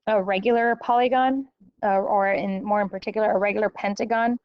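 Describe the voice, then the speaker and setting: A woman teacher explaining a math lesson step by step, often pausing to check with "okay?". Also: mid-range voice, fairly even intonation, clear, resonant tone, dry recording, lo-fi sound. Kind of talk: recorded classroom lecture.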